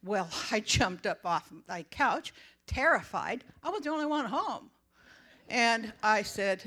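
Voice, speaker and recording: An older woman sharing a personal faith testimony as a chatty, animated storyteller. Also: medium pitch, normal speed. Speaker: church member giving testimony.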